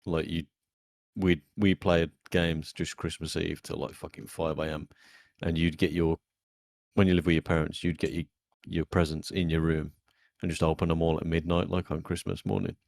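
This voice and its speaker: A man's voice: extremely low pitch, moderate pace, gravelly, a little mellow, no room sound. A man co-hosting a podcast in casual chat, blunt and teasing, swearing a lot. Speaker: podcast co-host.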